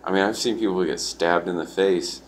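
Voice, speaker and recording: A man with a deep voice tells a story at normal speed, rambling casually and filling his talk with "like" and swearing. There's slight background noise.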